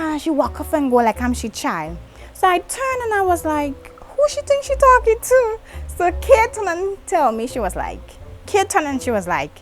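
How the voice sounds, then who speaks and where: A woman, vlogging an animated, dramatic story and talking with her hands. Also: fairly high pitch. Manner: lively, dramatic retelling with acted-out quotes, talks with her hands.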